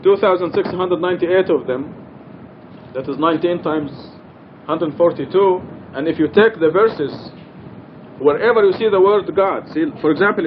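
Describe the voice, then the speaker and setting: A middle-aged man teaches a religious study class in a mosque, explaining with earnest emphasis. His voice sits somewhat high for a man. The old recording is dull and lo-fi, with a faint rumble underneath. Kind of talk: informal religious study talk.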